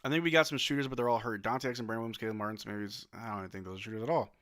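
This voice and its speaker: A man's voice: lowish voice, steady tone, rapid-fire, a bit bright. A young man hosting a casual live watch-along, calling the plays as a fan with laid-back, resigned asides. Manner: laid-back, resigned, swears then apologizes. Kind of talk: casual fan play-by-play commentary.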